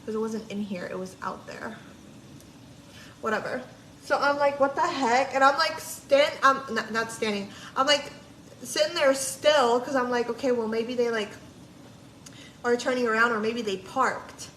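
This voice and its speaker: A woman's voice: a little high, normal speed, fairly bright tone. A woman casually telling a long story on a livestream, chatty and full of "like", quoting people and swearing freely. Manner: chatty, lots of "like", quotes people in her story. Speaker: livestream vlogger. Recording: echoey room, faint background noise.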